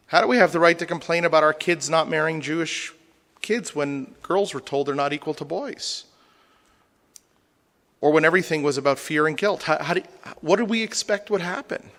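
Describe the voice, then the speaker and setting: A man's voice: a little high, fairly bright tone. A man, a rabbi, lecturing a congregation with humor and rhetorical questions. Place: synagogue hall. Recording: long hall reverb.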